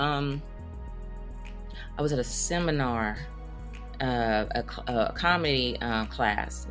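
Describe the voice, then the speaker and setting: Low-voiced animated woman comedian. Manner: animated, jumps into high squeaky voices when quoting people. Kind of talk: casual storytelling monologue. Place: Las Vegas.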